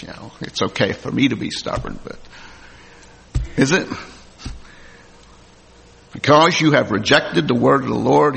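A man's voice: mid-range voice, vocal fry, fairly bright tone, breathy edge. A man preaching a sermon, reading scripture aloud and then commenting plainly to the congregation. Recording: long hall reverb.

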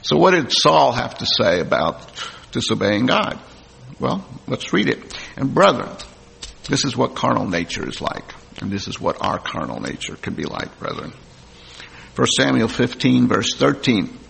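A man delivers a sermon, reading verses aloud and then explaining them to his listeners. His voice is gravelly and husky. The sound carries a long reverb, as in a large hall. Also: mid-range voice, big pitch swings, unhurried, fairly bright tone. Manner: reads scripture aloud, then comments plainly to the congregation. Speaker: preacher.

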